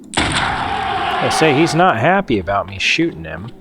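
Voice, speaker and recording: A man's voice: mid-range voice, big pitch swings, takes it slowly, very noisy. A man hosting a game playthrough, chatting and joking with mild swearing as he plays. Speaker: let's play host. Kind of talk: casual gameplay commentary.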